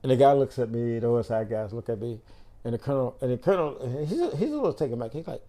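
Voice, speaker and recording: A man's voice: medium pitch, rapid-fire. An older man, a podcast guest, telling a story casually and acting out the dialogue. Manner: animated storyteller who acts out quoted dialogue.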